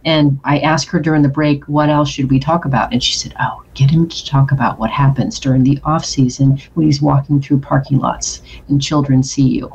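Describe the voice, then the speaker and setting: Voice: medium pitch, flat delivery, moderate pace, gravelly, hardly any pauses, a little mellow, muffled recording, a little hiss or hum. A talk show host who listens attentively and prompts the guest with short agreements and questions. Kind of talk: casual interview chat.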